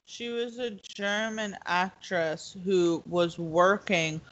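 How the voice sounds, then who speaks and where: Slow-talking woman, dull lo-fi sound. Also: fairly low pitch, a crowd in the background. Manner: laughs often, loose and informal, swears. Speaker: podcast co-host. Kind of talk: casual film-discussion podcast chat.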